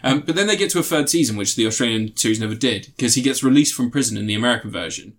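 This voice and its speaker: A man's voice: mid-range voice, animated, very fast, fairly bright tone. Rambling man recapping a show. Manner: rambling, restarts often, laughs while telling. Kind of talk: casual chat recapping a TV series.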